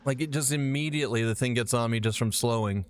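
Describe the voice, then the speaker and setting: A man's voice: mid-range voice, quick pace, slight background noise. A man streaming a game live, chatting casually with his chat, rambling and swearing as he plays. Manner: profane, animated, rambling.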